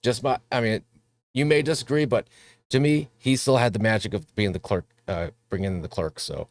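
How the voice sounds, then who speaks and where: A man's voice: fairly low pitch, fairly quick, no echo, studio quality. A man hosting a casual movie review show, talking loosely with plenty of fillers and self-deprecating jokes. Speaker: host.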